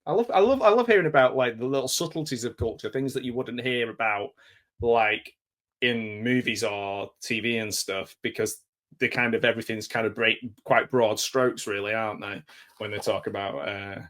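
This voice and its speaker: A man's voice: mid-range voice, normal speed, a bit bright. A man hosting a casual interview, chatty and easily amused. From England. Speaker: host.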